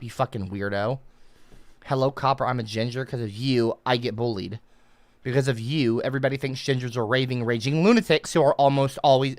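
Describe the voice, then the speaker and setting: Indignant woman livestreamer, lively pitch. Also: dry recording. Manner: indignant, swings into shouted outbursts. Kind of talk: comedic livestream rant.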